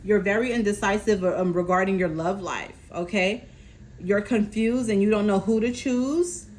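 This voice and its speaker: A woman doing a casual tarot reading, calmly relaying messages from spirit and often checking in with her listener. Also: mid-range voice, normal speed, slight background noise, rough recording. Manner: reassuring, keeps checking in with "okay?". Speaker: tarot reader.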